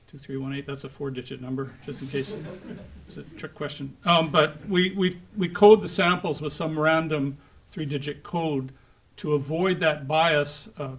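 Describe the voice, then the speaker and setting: A man with a somewhat high voice gives a conference lecture to a live audience. He keeps it lively and teases the crowd as he goes. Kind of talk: conference talk.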